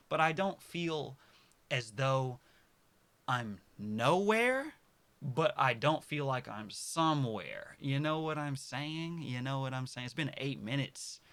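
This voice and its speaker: A man in his early twenties talking casually to his viewers, rambling and correcting himself, dropping to soft mutters and then bursting out loud. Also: mid-range voice, a little slow, dry recording. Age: early 20s. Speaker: vlogger. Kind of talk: casual personal monologue to camera.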